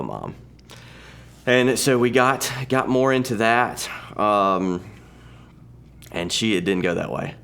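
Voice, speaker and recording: A man in his thirties sharing a personal testimony in a halting, conversational way, often restarting his sentences. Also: fairly low pitch, expressive, gravelly, fairly bright tone, clear, resonant tone. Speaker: church testimony speaker.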